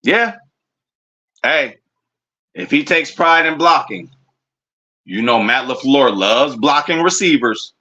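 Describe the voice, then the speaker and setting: A man streaming a casual, excitable reaction to his football team's draft picks, full of slang and talking straight to his chat. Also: mid-range voice, slow pace, pauses often. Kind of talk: casual live reaction commentary.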